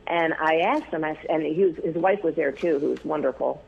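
Man, gravelly husky voice, slightly high pitch, rambling interview guest, thin phone-line sound. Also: a little fast. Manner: rambling, many fillers and restarts. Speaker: news photographer, interview guest. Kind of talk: casual interview storytelling.

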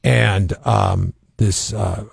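A man's voice: fairly low pitch, steady tone, drawn-out words, creaky, husky, no room sound, studio quality. A man co-hosting a casual morning radio show, telling rambling stories and acting out what people said. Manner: rambling storyteller, acts out quotes. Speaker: radio co-host.

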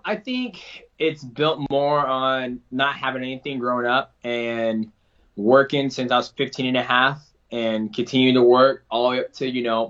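A man's voice: medium pitch, a bit bright. Casting: earnest male interview guest, casual and rambling, a little lo-fi.

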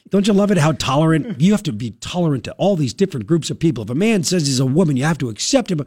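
A man's voice: on the high side, expressive, fast talker, few pauses, a little mellow, breathy edge, no echo. A man hosting a talk radio show, ranting with sarcastic indignation into a studio microphone.

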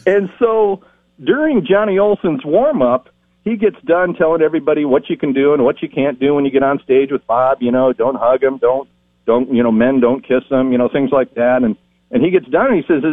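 His voice a little high and his pace a little fast, a middle-aged game show announcer shares stories in an interview and acts out every quoted voice with energy. The sound has no echo and carries a tinny, phone-line quality.

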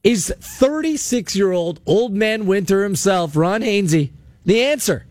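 A man hosting call-in sports radio from a studio, his voice pitched high for a man and recorded dry and close. He rants with emphatic sarcasm and sounds a little worn, as if losing his voice. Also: lively intonation, measured pace, darkish tone, no room sound.

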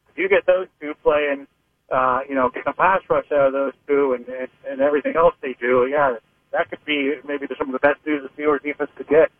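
A man's voice: a little high, fairly even intonation, fairly quick, no room sound. A man from Pittsburgh, a sports reporter calling into a radio show, talking in rambling, hesitant sentences full of restarts. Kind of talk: phone-in sports radio analysis. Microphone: phone. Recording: narrow phone line.

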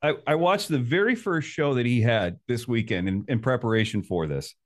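A man's voice: medium pitch, expressive, moderate pace. Chatty male podcast host. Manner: upbeat, chatty, prompts with questions. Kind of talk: casual podcast interview.

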